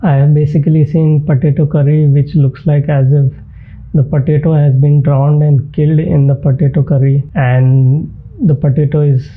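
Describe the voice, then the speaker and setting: A young man with an Indian English accent, telling a sit-down comedy monologue in a deadpan, exaggerating way. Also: on the high side. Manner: deadpan storytelling with absurd exaggeration. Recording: tinny narrow-band sound.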